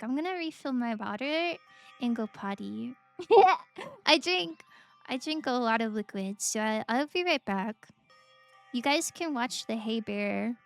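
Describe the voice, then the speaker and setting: A woman's voice: sits high, gravelly, a bit bright, no room sound. A woman streaming a video game who chats emotionally and giggles often. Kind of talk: let's play commentary. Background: faint game music.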